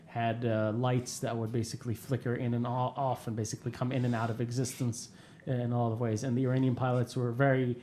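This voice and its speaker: A man's voice: mid-range voice, little pitch movement, fairly quick, dark tone, a little hiss or hum. A man hosting a podcast in casual chat, talking into a studio microphone, swearing freely and laughing often. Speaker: podcast host. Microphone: studio microphone with headphones.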